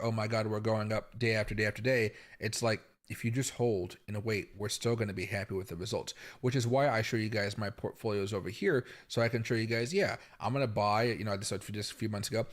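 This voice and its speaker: A man's voice: on the low side, fairly quick. A man hosting a casual crypto livestream from home, chatty and rambling, talking straight to his viewers.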